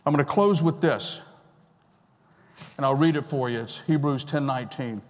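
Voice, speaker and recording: A man's voice: mid-range voice, normal speed. A man in his sixties preaching a sermon as pastor, emphatic and repeating key phrases. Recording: long reverb of a large hall.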